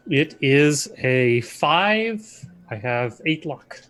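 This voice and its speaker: A man's voice: fairly high pitch, expressive, drawn-out words, a bit bright, a little hiss or hum. A man playing a tabletop game, describing his character's actions in a casual way. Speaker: player.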